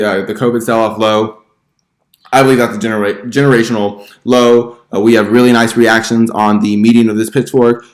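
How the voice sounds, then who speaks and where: A man's voice: lowish voice, roomy sound. A man hosting a stock trading channel, casually walking through chart analysis with many filler words. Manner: chatty, full of "you know" and "uh" fillers.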